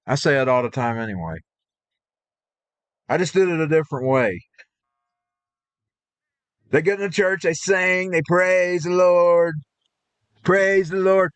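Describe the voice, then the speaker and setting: A man's voice: high-pitched, animated, moderate pace, long pauses, a bit bright, smooth, no echo. Indignant, rambling male streamer. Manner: indignant, rambling, restarts his sentences. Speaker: live streamer. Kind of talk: rambling rant during a game stream.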